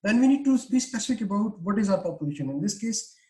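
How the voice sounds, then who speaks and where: A man's voice: high voice, animated, quick pace, darkish tone, poor audio. A man giving an online research lecture over a video call, explaining with many "uh" fillers and restarts. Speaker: webinar lecturer.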